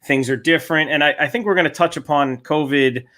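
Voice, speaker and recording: A man's voice: a little high, brisk, bright, forceful tone. A man co-hosting a podcast in casual chat, given to dry, sarcastic quips. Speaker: podcast co-host.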